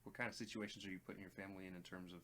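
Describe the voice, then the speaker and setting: A man's voice: low-pitched, fairly even intonation, rapid-fire, bright, forceful tone, a little hiss or hum. A man co-hosting a music reaction video in casual chat, speaking earnestly and plainly, often addressing viewers directly. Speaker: reaction channel co-host.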